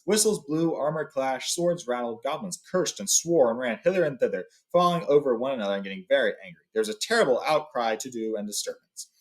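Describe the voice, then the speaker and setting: A young adult man recounts a story in a loose, relaxed way, often stopping to restart his sentences and adding fillers. His voice sits at an ordinary middle pitch, and he shifts into plain reading aloud for some passages. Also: fairly quick, few pauses. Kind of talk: casual story retelling and read-aloud.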